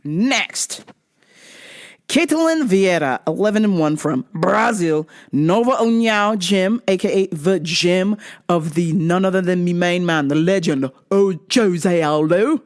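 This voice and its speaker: A woman's voice: lowish voice, measured pace. A woman hosting a show in a casual comedic monologue, profane and often laughing. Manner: animated, profane, laughing a lot. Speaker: show host.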